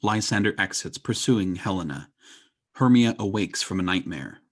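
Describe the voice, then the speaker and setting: A narrator calmly reading stage directions in a community theatre reading. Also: low-pitched, moderate pace, husky. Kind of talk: plain read stage directions.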